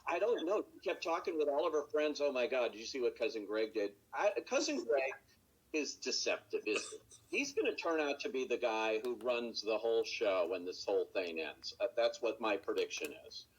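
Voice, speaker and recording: A man's voice: mid-range voice, big pitch swings, moderate pace, breathy edge. A man interviewing a panel, asking long conversational questions. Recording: dull lo-fi sound.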